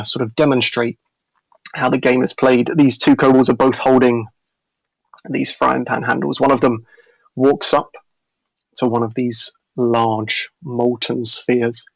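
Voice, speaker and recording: A man narrates a tabletop game as its game master, pausing often and restarting his sentences. His mid-range voice has a gravelly edge. The sound is close and dry. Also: mid-range voice, no echo, low-quality recording. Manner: halting, many fillers and restarts.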